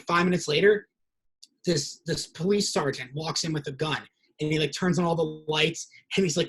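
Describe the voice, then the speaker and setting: A young man with a husky, slightly breathy voice, pitched a touch higher than most men, hosting a casual interview. He tells stories with lively energy and acts out the lines he quotes. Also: rough recording. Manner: animated storyteller, acts out quotes. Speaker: podcast host.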